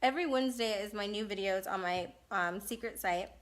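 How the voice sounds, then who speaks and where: A California woman in her thirties hosts a live Q&A, answering viewer questions bluntly and casually and laughing often. Her voice is medium-pitched and a little fast.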